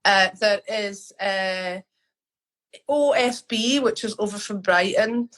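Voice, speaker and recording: A woman's voice: medium pitch, slow, fairly bright tone, low-quality recording. A middle-aged woman with a Scottish accent, a guest artist talking frankly and chattily in an interview, often restarting her sentences. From Scotland. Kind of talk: conversational interview.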